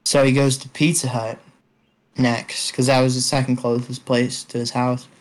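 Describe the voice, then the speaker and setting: A man's voice: mid-range voice, flat delivery, moderate pace. Rambling, foul-mouthed young guy. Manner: rambling, heavy swearing, many fillers. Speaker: storyteller among friends. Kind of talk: casual chat. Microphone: online call.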